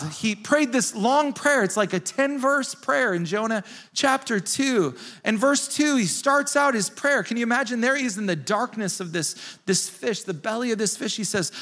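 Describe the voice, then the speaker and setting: A male pastor preaching a sermon to his church, emphatic and animated, repeating phrases for effect. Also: very high-pitched.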